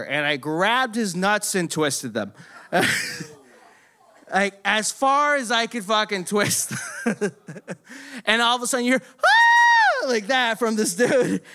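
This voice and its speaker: A young man telling a story in a casual, profane, animated way, laughing often. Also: high-pitched, clean tone.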